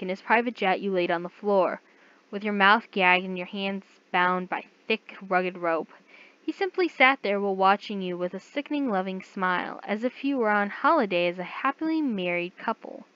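A woman's voice: medium pitch, a bit bright, highs cut off. A woman reading a fan fiction story aloud in a casual way, stumbling over words now and then. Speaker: reader.

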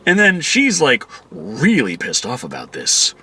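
A man's voice: a little high, huge pitch swings, measured pace, pushed and bright, husky. A man giving a casual, profane movie review, exasperated and acting out quotes from the film.

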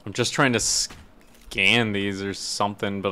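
A man's voice: fairly low pitch, steady tone, a little slow, bright, forceful tone, smooth. A man streaming a horror game live, commentating and swearing, yelping when startled.

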